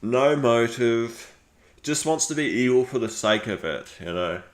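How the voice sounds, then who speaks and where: A man's voice: mid-range voice, animated, a little slow. A man giving casual live-stream commentary, rambling with lots of fillers and restarts.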